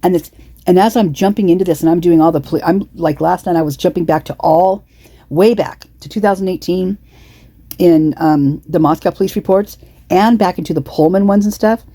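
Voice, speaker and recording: A woman's voice: lowish voice, fairly quick, mellow, no echo. A woman with the hiccups giving casual true-crime commentary, indignant and rambling, full of restarts and repeated words. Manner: indignant, repetitive, many restarts and asides. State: has the hiccups.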